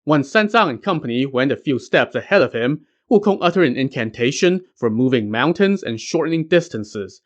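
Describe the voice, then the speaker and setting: A man's voice: medium pitch, lively intonation, moderate pace, hardly any pauses, muffled recording. A man narrating a classic legend as a podcast host, with casual joking asides. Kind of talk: scripted story narration.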